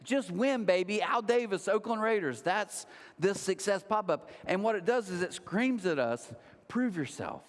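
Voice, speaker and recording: A man in his thirties preaching a sermon, telling stories with lively acted-out quotes. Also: sits high, normal speed. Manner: animated storytelling with acted-out quotes. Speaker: pastor. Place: large church hall. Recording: long hall reverb.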